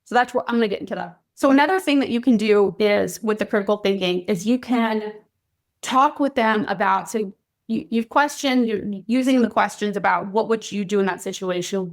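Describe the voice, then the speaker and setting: Earnest woman coaching parents on a podcast. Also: mid-range voice. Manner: earnest, coaching, often checks in with "right?" and "okay?". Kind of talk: solo podcast talk.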